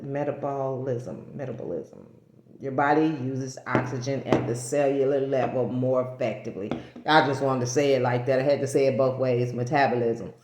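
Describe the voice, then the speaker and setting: A woman's voice: deep voice, darkish tone, slight background noise. A woman vlogging casually and speaking to the camera. She rambles, corrects herself and laughs at her own stumbles. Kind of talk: casual talking-head vlog. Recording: echoey room.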